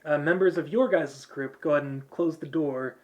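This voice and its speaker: A man narrating as game master, in a relaxed, rambling way with many fillers. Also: a little high, moderate pace.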